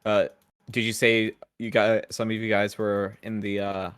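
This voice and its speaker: A man's voice: fairly low pitch, little pitch movement, measured pace, fairly bright tone, clear, resonant tone, dry recording, studio quality. A man playing a tabletop game, talking hesitantly with many fillers. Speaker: player. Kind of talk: casual tabletop play.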